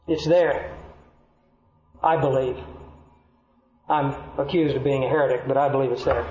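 A man preaching a sermon, telling stories earnestly and acting out the people he quotes. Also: sits high. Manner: storytelling, earnest, acts out quoted voices. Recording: echoey hall, dull lo-fi sound.

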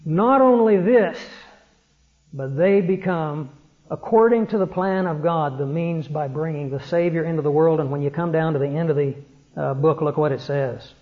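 Earnest preacher man on a dull recording. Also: a little high. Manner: earnest preaching, slows down to stress points, frequent "uh" fillers. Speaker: pastor. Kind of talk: sermon.

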